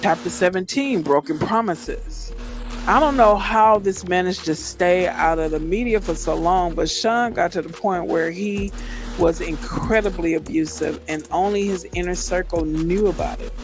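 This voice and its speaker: Man reading aloud in a high voice. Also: normal speed, music in the background. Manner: dramatic reading, breaks off to comment. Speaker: stream host reading a memoir aloud. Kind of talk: reading a book aloud on a reaction stream.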